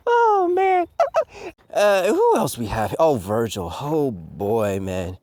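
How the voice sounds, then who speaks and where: Profane, ranting man with a lively voice. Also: medium pitch, takes it slowly, slight background noise. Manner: profane, ranting, full of fillers. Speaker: commentator. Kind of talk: ranting review commentary.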